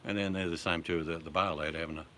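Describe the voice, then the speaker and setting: An Australian man with a very low voice chats casually with his viewers, relaxed and talkative, throwing in swear words without a second thought. A faint hiss of background noise sits under his voice. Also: rapid-fire.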